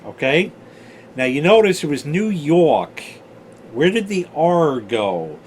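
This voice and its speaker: A man's voice: on the high side, big pitch swings, takes it slowly, slight background noise. A man in his forties telling old stories in a casual, rambling way, swearing freely and drifting off on side tangents. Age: 40s. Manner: chatty, swears freely, digresses. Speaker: storyteller host.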